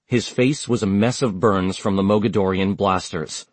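Male audiobook narrator, husky and dry, steady measured read. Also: fairly low pitch, dry recording. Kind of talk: scripted narration.

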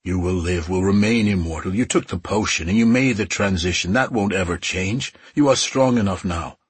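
A man's voice: sits low, moderate pace, breathy edge, no echo. A man voicing an intense, possessive immortal warrior.

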